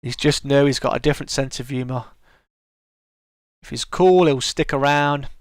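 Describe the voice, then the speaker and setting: A man's voice: medium pitch, normal speed, smooth, no echo. A British man hosting a live stream, chatting casually and answering viewers' comments. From United Kingdom.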